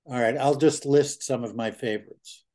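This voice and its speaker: A man who grew up in New York, a guest in a casual interview chat, relaxed and blunt, swearing offhandedly. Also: medium pitch, normal speed. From New York area.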